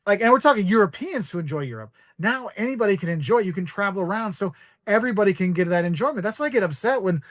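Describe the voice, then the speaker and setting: A man, a podcast guest, telling casual travel anecdotes in an animated way, acting out the voices of the people in them and using "like" a lot. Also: high-pitched, quick pace. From United States. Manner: animated, acts out quoted voices, heavy use of "like".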